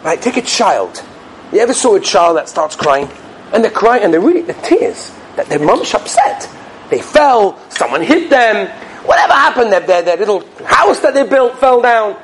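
Animated, high-pitched yeshiva teacher. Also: male voice, normal speed, slight background noise, low-quality recording. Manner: animated, dramatic storyteller sprinkling Yiddish and Hebrew terms. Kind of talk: sermon with storytelling.

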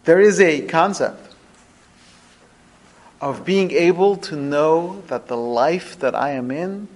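A man teaching a religious lesson through storytelling, with expressive, dramatic shifts in pitch and loudness. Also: slow. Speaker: rabbi teaching a podcast lesson.

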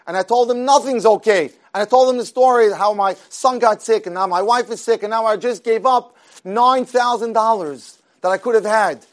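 Man, high voice, animated storyteller, does the characters' voices, casual restarts. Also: fairly quick. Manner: animated, acts out the characters' dialogue; conversational, with frequent restarts and repeated words. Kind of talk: retelling an inspirational story.

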